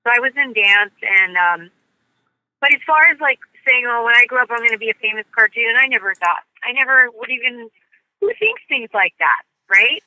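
Woman, voice actress, bubbly, chatty, bright sharp voice. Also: a little high, animated, moderate pace, dry recording, poor audio. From United States. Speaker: voice actress guest. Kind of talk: casual interview chat.

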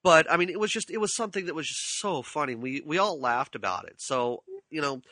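A man with a fairly high, bright and forceful voice recounts a family story in easy conversation. He gets animated and laughs often, and he stumbles over repeated words when he is excited. His voice is close and dry, with no room sound around it. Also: brisk, no room sound. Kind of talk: casual chat.

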